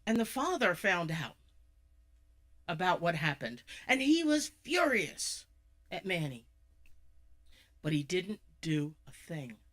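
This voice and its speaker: A speaker at a live charity event retelling a Bible story in a conversational way, with shifts in pace and loudness and asides to the audience. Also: mid-range voice, very animated, slow pace, long pauses.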